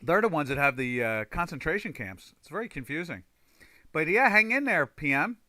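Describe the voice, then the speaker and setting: Casual trading-stream host, male, bright forceful voice, rambling and filler-heavy, dry close mic. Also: on the high side, big pitch swings, normal speed, dry recording. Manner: rambling, reads viewer chat aloud, many fillers. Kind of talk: casual live-stream chat.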